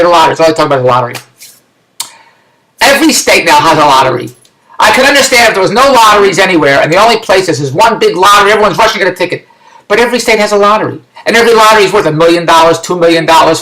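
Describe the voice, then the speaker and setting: The vlogger here is a middle-aged Philadelphia man whose voice sits high. Captured with poor, roomy-sounding audio, he goes off on loud, meandering rants, plainly exasperated.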